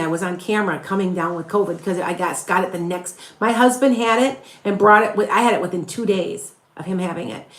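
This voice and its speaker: Her medium-pitched voice sounds reverberant as this middle-aged psychic rambles through live-stream readings, casually fielding viewer questions. Originally from northern Illinois near Chicago, she has a slight Wisconsin accent and keeps restarting and laughing as she talks.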